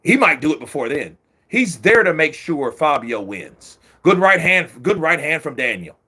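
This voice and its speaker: A man giving profane, excitable live commentary while watching a boxing match, often shouting at the referee. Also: a little high, normal speed, slightly rough.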